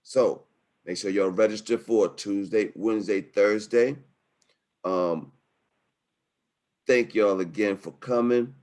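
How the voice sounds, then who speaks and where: A man hosting a webinar from home over a video call, wrapping up with energetic, slangy, emotional talk. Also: fairly low pitch, takes it slowly, pauses often. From New York City. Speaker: webinar host. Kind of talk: hyped-up casual webinar wrap-up. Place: home setup in Harlem.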